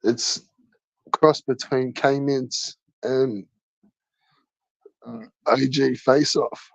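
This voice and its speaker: A man's voice: mid-range voice, fairly even intonation, very slow, creaky, no echo. A man hosting a livestream, chatting casually and crudely, swearing constantly in slangy banter. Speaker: livestream host.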